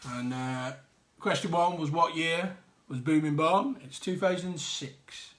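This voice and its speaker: A man's voice: on the high side, takes it slowly, a bit bright. A man hosting a live online quiz, reading out answers with jokey, chatty asides. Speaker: quiz host.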